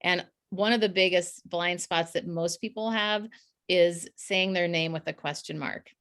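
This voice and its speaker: A woman from the US Midwest, a communications coach talking as a podcast guest in an energetic, demonstrative way. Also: on the low side, a little slow. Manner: energetic, demonstrative, laughs often. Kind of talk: conversational podcast interview.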